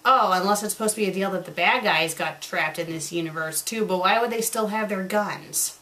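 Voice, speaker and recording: A woman's voice: medium pitch, a little fast, sharp tone. A woman reviewing fan fiction, reading passages aloud and breaking in with sarcastic, exasperated commentary.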